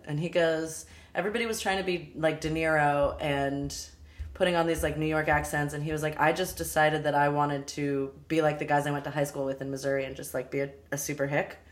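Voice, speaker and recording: A young woman chatting casually about a film, animated and quick to laugh. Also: sits low. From Los Angeles area, US. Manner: animated, laughs often, quotes people in voices. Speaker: podcast co-host.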